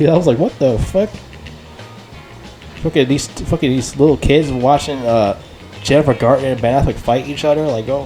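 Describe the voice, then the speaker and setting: A man with a mid-range voice rambles through an unscripted, casual movie review, getting excited, swearing freely and leaning heavily on filler words.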